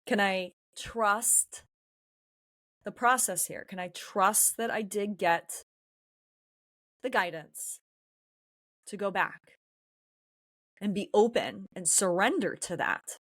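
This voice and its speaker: A woman from San Diego speaks openly and reflectively, musing aloud about her own feelings as a podcast host. Her voice sits in an ordinary middle pitch, and her delivery is candid and introspective. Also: takes it slowly, pauses often, a bit bright. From San Diego, California. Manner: candid, introspective, emotionally open. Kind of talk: personal reflective monologue.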